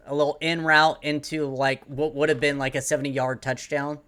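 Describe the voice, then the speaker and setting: Male podcast co-host, slightly high voice, chatty, halting delivery full of "like"s. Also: little pitch movement, a bit bright. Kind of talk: casual sports podcast chat.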